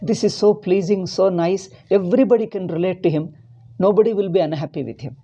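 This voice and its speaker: Middle-aged Indian spiritual teacher, warm and husky, preaching with restarts and heat. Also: male voice, high voice, fast, low-quality recording. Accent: Indian English. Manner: rambling and impassioned, with many restarts. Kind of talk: religious discourse.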